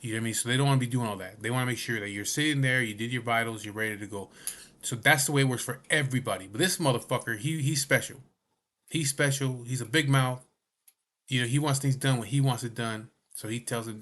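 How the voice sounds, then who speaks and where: A man's voice: mid-range voice, quick pace, fairly bright tone. A man telling a personal story to camera in a casual, blunt way, swearing often and asking "you know what I mean". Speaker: vlogger.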